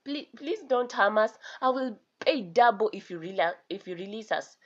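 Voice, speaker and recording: A woman's voice: medium pitch, animated, measured pace, highs cut off. A woman doing a pleading old chief. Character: older male chief, pleading and scared.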